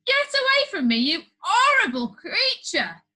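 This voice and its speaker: A woman's voice: extremely high pitch, very animated, a little slow, sharp tone, voice pushed up, heavily acted. A woman voicing a rude, pompous male prime minister who shrieks and sneers in a storybook reading. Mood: disgusted.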